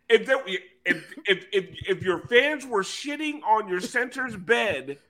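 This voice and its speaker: A man's voice: high-pitched, sing-song, slow pace, pushed and bright. A man on a sports podcast, joking and emphatic, often restarting his sentences. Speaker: podcast panelist. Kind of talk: casual sports chat.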